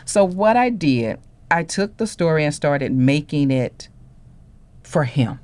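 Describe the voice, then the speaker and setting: A woman's voice: low voice, takes it slowly. A woman on a discussion panel, telling a personal story as a parent and acting out the voices of the people in it. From Houston, Texas. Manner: animated storytelling, acts out dialogue.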